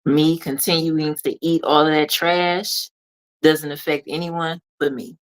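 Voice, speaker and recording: A woman with a notably low-pitched voice delivers a motivational monologue as a consultant. She speaks directly to the listener in an emphatic, preachy way. She repeats key lines to drive them home. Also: flat delivery, a little slow, low-quality recording.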